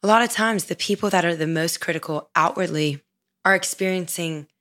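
A woman hosts a podcast interview in a fairly low voice. She talks with enthusiasm, reacts warmly to her guest and laughs easily. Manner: enthusiastic, affirming, quick to laugh. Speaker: podcast host. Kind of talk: conversational interview.

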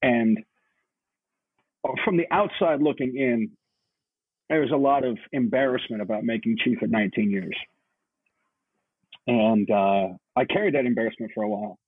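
A male podcast co-host chatting in a halting, earnest way, often repeating words as he gets emotional. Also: medium pitch, no echo. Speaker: podcast co-host, Navy chief. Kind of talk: casual chat. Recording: husky voice over a tinny phone-like line.

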